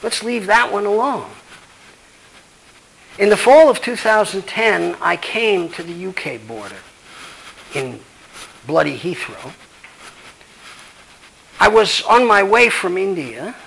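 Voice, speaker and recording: Law professor, male, high-pitched and blunt, swearing freely, taking audience questions. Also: expressive, takes it slowly, creaky, pauses often, a bit bright, breathy edge, poor audio. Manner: emphatic, blunt, profane. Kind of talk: lecture with audience Q&A.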